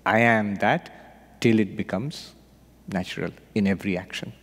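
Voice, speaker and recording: A man, a monk and spiritual teacher, giving an unhurried meditation retreat talk with gentle storytelling and light humor. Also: on the low side, steady tone. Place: retreat hall. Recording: long hall reverb.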